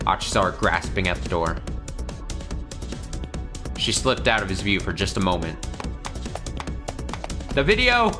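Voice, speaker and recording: A man reading a visual novel aloud on stream, breaking off to laugh and comment. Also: low-pitched. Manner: reads the story text, breaks off to laugh and comment. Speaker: let's play streamer.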